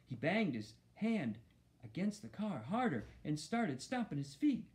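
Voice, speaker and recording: Lively male storyteller. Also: fairly high pitch, unhurried. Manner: expressive first-person storytelling. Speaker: audiobook narrator. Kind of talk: storybook narration.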